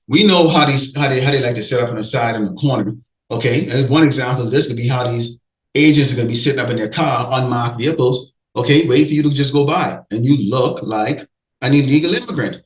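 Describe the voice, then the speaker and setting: A man's voice: medium pitch, quick pace, echoey room, low-quality recording. A man preaching a warning sermon, emphatic, often stopping to say okay and restarting his sentences. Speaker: street preacher.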